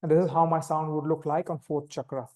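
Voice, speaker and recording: A man with an Indian English accent leads a meditation class, explaining each step calmly and simply. His voice sits fairly high for a man. It comes through a video call. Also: brisk. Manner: calm, step-by-step instructing, demonstrating vocal sounds. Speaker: meditation teacher. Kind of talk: live online meditation instruction.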